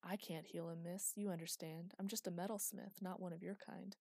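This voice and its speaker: A woman's voice: on the low side, level tone, fairly quick, vocal fry, a little mellow, breathy edge, no room sound, studio quality. A woman voicing a humble male metalsmith who speaks helplessly and apologetically. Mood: apologetic.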